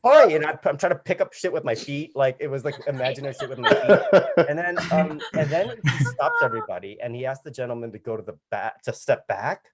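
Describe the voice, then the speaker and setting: A man telling a comic anecdote on a virtual show, animated, acting out voices and laughing as he goes. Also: on the high side, brisk, crowd noise. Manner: animated, acts out voices and laughs mid-story. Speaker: comedian guest. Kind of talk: storytelling anecdote. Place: home video call.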